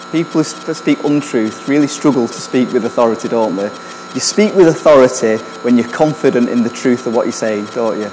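A man's voice: mid-range voice, darkish tone, long reverb tail, a little hiss or hum, rough recording. A man preaching a sermon in a conversational way, often asking the congregation questions.

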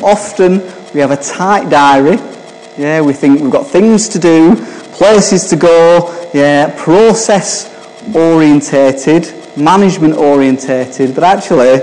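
A man's voice: on the high side, warm tone, slight background noise. A man preaching an informal sermon, chatty and often asking the listeners questions. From England. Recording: long hall reverb.

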